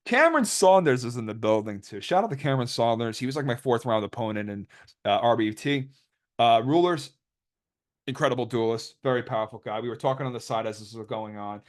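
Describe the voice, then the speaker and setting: A young man with a medium-pitched, lively voice talks fairly quickly over replays of his card games. He rambles and jokes while retelling a dispute, quoting others in put-on voices.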